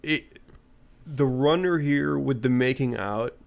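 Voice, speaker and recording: Laid-back man with halting podcast chatter. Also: mid-range voice, vocal fry. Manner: relaxed, hesitant with many uh fillers. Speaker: podcast co-host. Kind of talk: casual comedy podcast chat.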